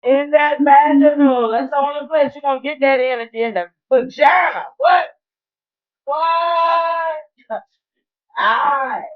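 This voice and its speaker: A woman preaching in a rousing call-and-response style, shouting exclamations to her listeners. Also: high voice, unhurried. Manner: exclamatory, shouts "What?" and "Woo". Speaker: spiritual motivational speaker. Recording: lo-fi with faint music.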